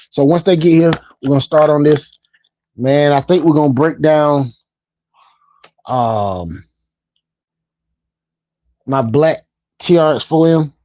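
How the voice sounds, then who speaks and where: Brief: male streamer, mid-pitched, relaxed and chatty, dry close sound. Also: no echo. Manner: laid-back, chatty, repeats phrases. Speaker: livestream host. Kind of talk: casual live-stream chat.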